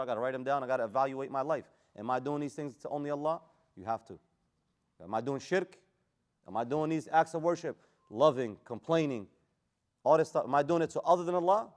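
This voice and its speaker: A man teaching a Quran class, animated and quizzing his students in casual street phrasing. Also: mid-range voice. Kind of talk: classroom lesson on Quran tafsir.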